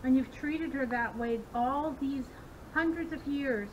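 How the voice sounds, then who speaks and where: A woman's voice: high voice, unhurried, muffled recording. A woman paranormal investigator calling out to spirits during an outdoor ghost hunt. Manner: coaxing, talks to spirits. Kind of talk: ghost-hunting field chat. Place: outdoors at abbey ruins. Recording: loud outdoor background noise.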